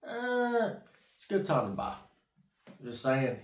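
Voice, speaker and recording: Slightly high and sing-song, his slow voice echoes around the room as this middle-aged man rambles about investing to camera. The vlogger is folksy, repetitive, and casually profane, and tired after a 3 a.m. wake-up.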